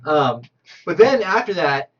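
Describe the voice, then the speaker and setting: A man co-hosting a casual film commentary, talking through scenes in a lively, animated way with quoted asides. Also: on the high side, a little slow, dull audio, slight background noise. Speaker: podcast co-host.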